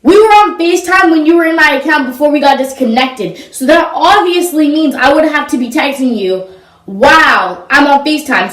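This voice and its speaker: Young woman vlogger, high voice, chatty storyteller; recorded off-mic in an echoey room. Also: distant mic. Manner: chatty, filler-heavy, fills gaps with blah blah. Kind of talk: casual storytime. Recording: roomy echo, voice set back from the mic.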